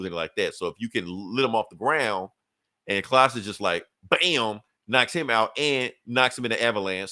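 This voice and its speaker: A man co-hosting a podcast who casually recaps a comic story, swearing often and slipping into quick voices for the characters. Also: fairly low pitch, pushed and bright. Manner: profane, laughing retelling with quick character asides. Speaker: podcast co-host.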